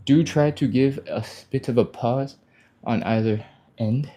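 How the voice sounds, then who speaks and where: In an unhurried, dark, medium-pitched voice, a man runs a live stretching session people can follow along with. He talks casually as he works out, a bit winded with sighs and breathy effort, offering encouragement and reading out comments from viewers.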